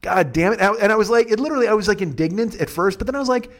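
Talking rapid-fire in a high, expressive voice, this podcast host rants with sarcasm and profanity, tossing in mocking impressions of others.

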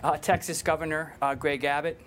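Flat-voiced man giving a news rundown. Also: fairly high pitch, brisk, slight background noise. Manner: steady, matter-of-fact briefing with fillers. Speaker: news editor.

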